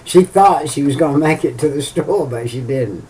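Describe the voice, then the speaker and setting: A man preaching informally, halting with many fillers and restarts, and repeating key phrases for emphasis. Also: fairly high pitch, dark tone. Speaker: lay preacher. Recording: voice a bit far from the mic.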